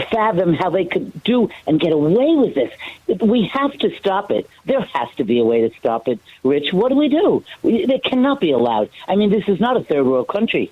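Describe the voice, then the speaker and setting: A woman's voice: on the low side, slightly rough, dry recording. A woman calling in to a radio show, talking effusively and urgently. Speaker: caller. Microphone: telephone. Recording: tinny phone line.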